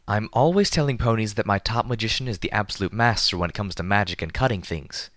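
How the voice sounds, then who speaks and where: A man's voice: on the low side, lively intonation, moderate pace, a bit bright, dry recording, clean studio sound, pitched above the performer's own voice. A man voicing an elegant, regal mare pony who speaks in a prim, genteel way. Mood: gracious.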